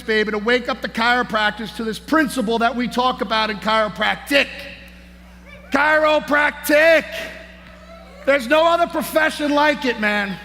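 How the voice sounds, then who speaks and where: A man giving a hyped-up motivational speech as a conference speaker on stage, shouting and peppering his lines with "man" and "baby". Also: extremely high pitch. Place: large conference hall on stage. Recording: echoey hall, faint noise.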